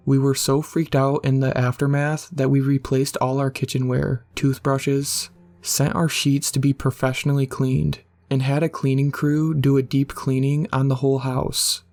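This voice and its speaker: A man narrates a scary story in a steady, level voice that rarely rises or falls. His tone is dark and mellow, and the reading is scripted and unhurried in feel. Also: medium pitch.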